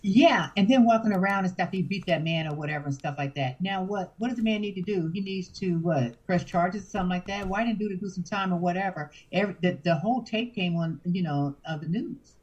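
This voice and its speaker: A woman co-host in casual podcast chat, recapping in quick bursts and talking over the others. Her voice is low and husky. The sound is muffled and lo-fi. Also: darkish tone.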